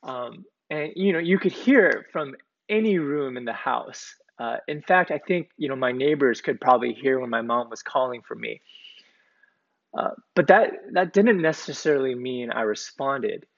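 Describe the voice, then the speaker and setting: A man preaching a sermon as pastor, deliberate and emphatic, repeating key words for weight. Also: mid-range voice, lively intonation, creaky. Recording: dull, lo-fi recording.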